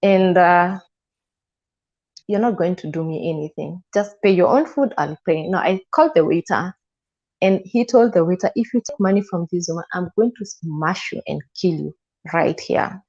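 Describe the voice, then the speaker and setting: A Kenyan woman, a guest in an interview, tells a personal story with strong emotion, acting out the dialogue of the people involved. Her voice is on the low side and darkish, at a normal speed, and the sound is slightly muffled and lo-fi.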